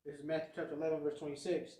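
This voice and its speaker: A man with a fairly high voice reads Bible verses aloud, slow and measured, announcing chapter and verse first. He sounds off-mic and distant, in a room with strong echo. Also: flat delivery, mellow. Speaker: scripture reader.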